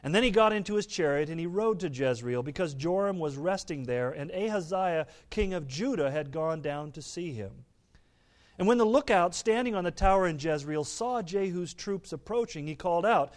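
Man preaching with a raised pitch. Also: expressive, normal speed. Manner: dramatic reading, rising loud on quoted lines. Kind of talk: sermon, reading scripture aloud with commentary.

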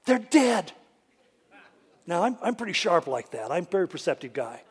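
A man's voice: a little high, fast talker, breathy edge. A man preaching a sermon as a pastor, telling stories with dry humor and acting out the voices of people he quotes. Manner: animated storyteller who acts out quoted voices with dry humor.

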